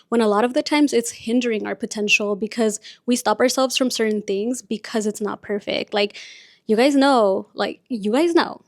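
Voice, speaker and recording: A young woman hosts her podcast in a chatty, confiding tone, with Spanish as her first language. Her voice sits a little high. The sound is dry and close, with little room around it. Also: no room sound. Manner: chatty, confiding, frequent "like" and "you guys". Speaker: podcast host. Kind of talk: casual chat.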